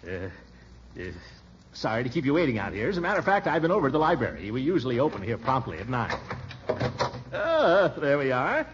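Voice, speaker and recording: Pompous flustered official, stammers, chuckles, voice bounces all over, muffled old radio sound. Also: male voice, medium pitch, huge pitch swings, fairly quick, a little hiss or hum. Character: blustering flustered middle-aged male official. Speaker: pompous small-town official. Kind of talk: 1940s radio acting. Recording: dull old radio recording.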